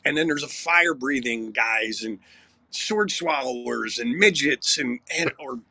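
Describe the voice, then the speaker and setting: Bright, animated rock singer telling stories. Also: male voice, mid-range voice, measured pace, creaky, no echo. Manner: animated, profane, wry anecdotes. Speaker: rock singer, podcast guest. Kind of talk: casual storytelling.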